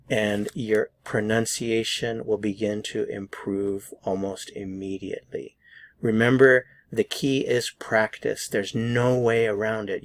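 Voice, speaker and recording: A man with an American accent teaching a pronunciation lesson, repeating each word slowly and deliberately for learners to copy. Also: lowish voice. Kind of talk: slow drilled pronunciation lesson.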